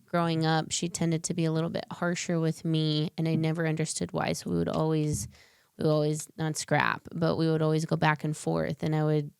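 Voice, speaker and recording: A woman's voice: sits low, monotone, brisk, creaky, clean tone, no echo, studio quality. A woman guest on a podcast, telling a personal story in an earnest, heartfelt way with loose, filler-filled speech.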